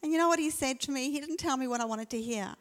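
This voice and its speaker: High-voiced woman preaching in a hall. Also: fast. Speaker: pastor. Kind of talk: sermon. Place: church auditorium. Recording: long church hall reverb.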